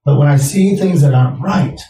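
A young man co-hosts a casual podcast, rambling through stories at a rapid clip and swearing freely. His voice sits a touch high but sounds mellow and dark. He is heard from a little off the mic in an echoey room. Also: recorded from a distance. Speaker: podcast co-host. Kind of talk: casual chat.

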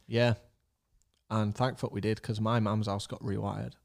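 A man's voice: lowish voice, level tone, measured pace, vocal fry, a little mellow. A young man with a Yorkshire accent in casual chat, swearing and chipping in with jokey asides. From Northern England. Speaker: podcast co-host.

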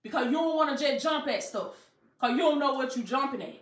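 A woman preaches with a high voice, emphatic and colloquial. She keeps calling out to her listeners. The room is echoey, with faint music underneath. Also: lively intonation, a little fast. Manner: emphatic, call-and-response phrasing, colloquial. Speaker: life coach. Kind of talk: motivational preaching.

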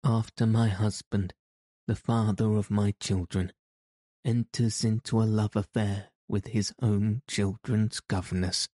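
A man's voice: fairly low pitch, level tone, unhurried, dark tone, dry recording, studio quality. A man reading the lines of a betrayed wife, cold and accusing, in an audiobook. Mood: bitter. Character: bitter betrayed wife, grown woman.

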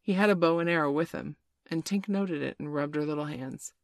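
A woman narrating a children's storybook in a measured, expressive read-aloud. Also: low voice, no room sound, clean studio sound. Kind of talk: storybook reading.

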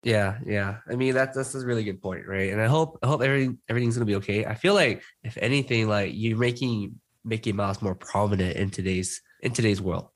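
A man's voice: on the low side, a little fast, few pauses. A man interviewing a guest, affirming and asking casual questions with frequent tags. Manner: affirming, asks with tag questions.

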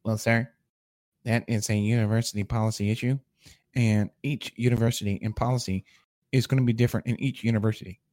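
A man doing an impression of a stiff, evasive male conference commissioner in a much lower voice. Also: fairly even intonation, brisk, darkish tone, no echo, natural voice.

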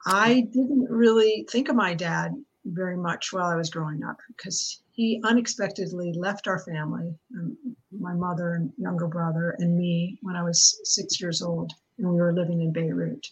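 Older lady author, seventies, low husky voice, earnest steady storytelling w a few restarts. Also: moderate pace, highs cut off. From United States. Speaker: author guest. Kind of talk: interview, telling her life story.

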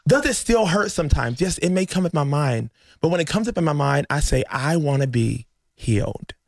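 A man hosting a casual faith podcast, telling an emotional story and acting out the dialogue with lively energy. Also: a little high, vocal fry, no echo, studio quality. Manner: emotional, animated storyteller who acts out dialogue. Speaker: podcast host.

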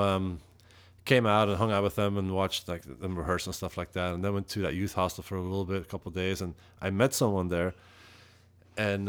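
A man from Europe, a metal musician, telling stories as a guest on a casual interview, swearing freely and acting out quoted lines. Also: clean tone. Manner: profane, laid-back, acts out quotes with rising pitch.

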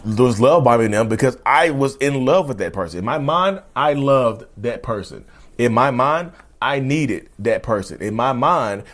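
A man in his thirties talking casually at home in a rambling, joking way, often restarting his sentences. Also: on the low side. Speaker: vlogger. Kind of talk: casual talking-head monologue. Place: home, indoors.

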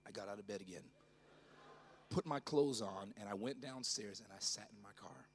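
A middle-aged pastor with a fairly low voice preaches a sermon at a church conference at normal speed. His story shifts from hushed narration into loud, fervent preaching.

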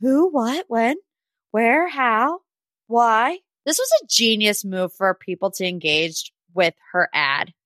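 A woman's voice: fairly high pitch, slow, fairly bright tone, dry recording. Sassy woman dishing reality TV gossip. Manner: sassy and gossipy, talks straight to people she discusses; chatty, with frequent "like" and laughs. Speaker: podcast host. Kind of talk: casual reality TV recap.

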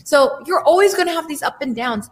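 Animated woman life coach, slightly high. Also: brisk. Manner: animated, emphatic, acts out inner voices. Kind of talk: motivational talk.

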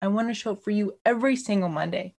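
A bubbly woman hosts her own solo podcast in an easygoing, chatty way, sprinkling in "like" and "y'all." Her voice sits at a middle pitch. She records from a laundry room at home. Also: fast talker, gravelly, a little mellow. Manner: bubbly, chatty, often says "like" and "y'all", laughs easily. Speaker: podcast host. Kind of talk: casual solo podcast chat.

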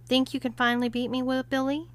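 A woman's voice: medium pitch, expressive, moderate pace, a bit bright, close to an everyday voice. A woman reading as a taunting, bossy young woman. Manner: taunting, domineering. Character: bossy confident young woman, arm-wrestling champ.

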